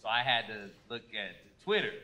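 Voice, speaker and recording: A man doing a stand-up comedy set on a club stage, loud and animated, shouting his punchlines into a handheld mic. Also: fairly low pitch, moderate pace, very noisy.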